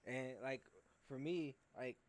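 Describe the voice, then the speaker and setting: A man's voice: medium pitch, fairly even intonation, takes it slowly. A young man in a casual chat, telling stories and stumbling over repeated words. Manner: storytelling, repeats words when starting.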